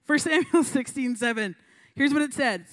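Young woman, high voice, casual youth sermon full of chatty asides and little acted-out voices. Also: moderate pace, fairly bright tone. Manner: chatty, lots of fillers and likes, acts out voices in stories. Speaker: youth pastor.

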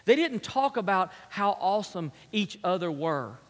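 A man preaching a sermon as pastor, telling stories in an animated way that swings from loud to hushed. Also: high voice, moderate pace. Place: church sanctuary. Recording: long reverb of a large hall.

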